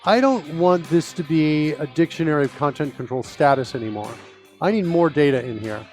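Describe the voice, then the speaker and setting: A middle-aged man talks through code on a live stream in a casual, rambling way, full of ums and uhs. His voice sits a touch high. Faint music plays underneath. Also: expressive, a little fast, a little mellow. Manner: chatty, rambling with many fillers. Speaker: host. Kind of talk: live-streamed coding chat.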